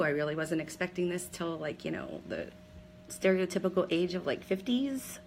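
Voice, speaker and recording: A woman in her forties from Pennsylvania talks through her own story on a casual live video, candid and rambling with plenty of ums. Her voice sits a little low. A faint hum runs underneath. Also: normal speed, low-quality recording. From Pennsylvania, USA. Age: 40s. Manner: chatty and candid, many ums, laughs at herself. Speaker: direct seller sharing her story.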